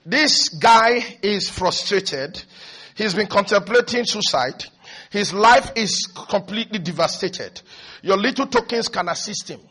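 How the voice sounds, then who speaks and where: A male pastor delivering an energetic televised sermon, swinging from hushed to shouting. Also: sits high, a little slow, slightly rough.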